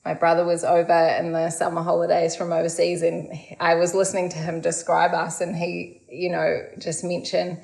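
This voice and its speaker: A woman's voice: fairly low pitch, completely flat delivery, moderate pace, vocal fry, few pauses, darkish tone, rough recording. A woman in her thirties, chatty and laughing easily, a guest in casual conversation.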